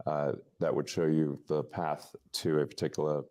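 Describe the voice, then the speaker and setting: A man answering interview questions in a halting way, stammering and restarting often. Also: very deep voice, level tone, darkish tone. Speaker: interview guest.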